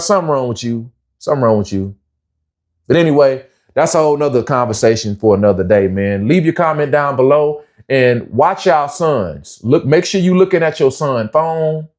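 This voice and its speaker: Preachy slangy man with a fairly high voice. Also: a little mellow. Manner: preachy, slangy, lecturing, says "bruh" often. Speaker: commentary vlogger. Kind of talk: opinionated commentary monologue.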